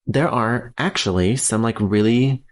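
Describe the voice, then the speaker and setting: A man co-hosting as an occupational therapy clinician, chatting casually, playful and quick to laugh, often restarting to explain himself. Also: mid-range voice. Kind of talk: casual podcast chat.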